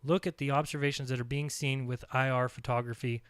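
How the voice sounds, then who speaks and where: A man's voice: medium pitch, flat delivery, fairly quick, clean tone, no echo, studio quality. A man hosting his own channel, commenting insistently over video clips, repeating his points with emphasis. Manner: talks while eating. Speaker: channel host reacting to a video.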